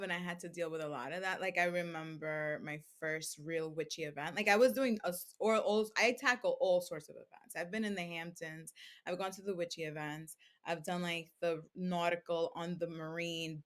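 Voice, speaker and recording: A woman's voice: lowish voice, normal speed. A young adult woman, a podcast guest, telling her story in casual interview talk, full of "like" and acting out what people said. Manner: animated, acts out quoted speech, many fillers like "like". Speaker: podcast guest, crystal seller.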